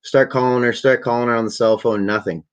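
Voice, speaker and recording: A young man from the Ottawa area telling a long, profane story in a relaxed, rambling way to a camera at home. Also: mid-range voice, quick pace, clean tone. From Ottawa area, Canada. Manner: rambling, profane, laid-back. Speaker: vlogger. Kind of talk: casual storytelling. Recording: dull lo-fi webcam audio.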